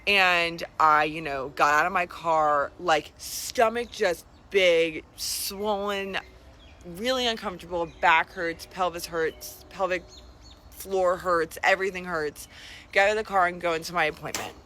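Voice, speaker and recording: A woman's voice: lowish voice, unhurried, sharp tone, a little hiss or hum. A young woman telling a personal story in a chatty, casual way, full of asides and "like". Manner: chatty, lots of "like", dramatic asides. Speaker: vlogger.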